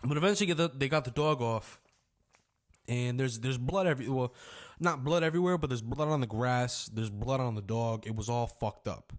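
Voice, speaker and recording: A young man casually telling a story from his own life as a vlogger, rambling and slangy, swearing freely and acting out shouts when he quotes people. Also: mid-range voice, normal speed. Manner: acts out shouts and screams when quoting.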